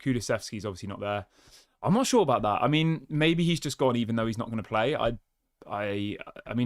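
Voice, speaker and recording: A man's voice: medium pitch, expressive, brisk. A man hosts a casual football chat show from his desk and talks straight to his viewers. He thinks aloud, restarts his sentences and piles up small asides in a mid-range voice. The sound is close and dry, with no room echo. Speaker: football channel host. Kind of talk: casual solo fan commentary.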